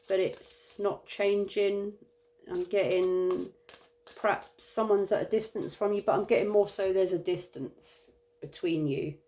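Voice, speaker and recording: A tired woman giving an intuitive tarot reading, musing and halting with many fillers. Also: mid-range voice, mellow. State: tired, yawning. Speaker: tarot reader.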